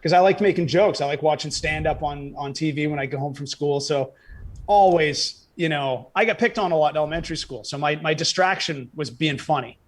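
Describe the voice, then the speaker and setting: Fast-talking comedian guest telling stories. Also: male voice, on the high side. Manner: rapid joke-telling, acting out dialogue. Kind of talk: storytelling in casual chat.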